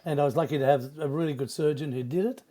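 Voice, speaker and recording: Older Aussie man, veteran radio voice, warm and unhurried, rambling recollections. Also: a little high. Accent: Australian. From Australia. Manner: rambling, halting, many restarts. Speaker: veteran radio broadcaster, guest. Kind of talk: casual reminiscing interview.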